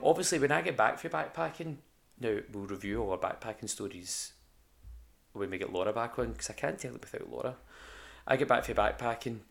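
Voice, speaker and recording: A man's voice: fairly low pitch, creaky. A young Scottish man telling rambling, sweary stories about his old jobs in a casual podcast chat, full of ums and restarts. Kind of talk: casual storytelling.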